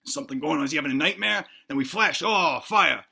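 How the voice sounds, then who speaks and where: A man rambles through a made-up movie plot with crude, mock-earnest humor. His voice sits high and sounds bright and edgy. A gravelly fry runs through it as he stumbles over his restarts. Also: expressive, fast talker. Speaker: comedy host. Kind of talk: rambling comic movie narration.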